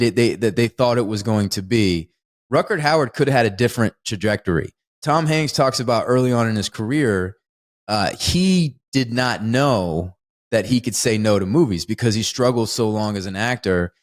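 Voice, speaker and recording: A man co-hosting a podcast, chatting casually about a film with lots of laughter and excited jumps in pitch. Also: normal speed. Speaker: podcast co-host. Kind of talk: casual film review chat.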